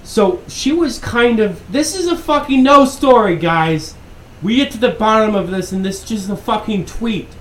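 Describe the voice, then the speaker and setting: Man with a somewhat high voice, ranting and swearing through news commentary, recorded in an echoey room with faint background hiss. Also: lively intonation, normal speed, a bit bright. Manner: profane, exasperated and sarcastic. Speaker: podcast host.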